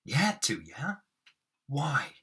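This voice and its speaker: A man with a husky voice reading a bitter, brash middle-aged salesman, deliberately overacted and pushy. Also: mid-range voice, huge pitch swings, bright, forceful tone, pitched above the performer's own voice, full character voice. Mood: scornful.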